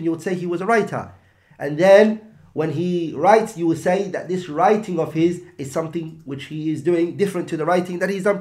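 A man's voice: a little high, a little mellow. A man teaching an Islamic text, explaining in English with Arabic terms and rhetorical questions.

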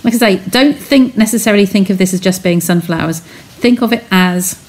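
A woman's voice: mid-range voice, fairly quick, darkish tone, slight background noise. A woman chatting as she talks viewers through a craft technique step by step on a live stream from her home studio. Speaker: craft demonstrator.

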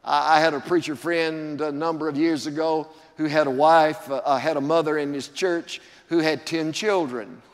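A man's voice: fairly high pitch, fairly even intonation, moderate pace, few pauses. An older man preaching a sermon as pastor, drawing out key words and building emphasis. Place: church sanctuary. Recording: long church reverb.

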